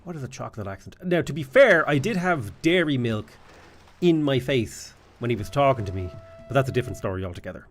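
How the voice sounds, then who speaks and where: Lively Irish man streaming a strategy game. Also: medium pitch, fairly quick, faint music behind. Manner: joking banter with chat. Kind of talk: live gameplay commentary.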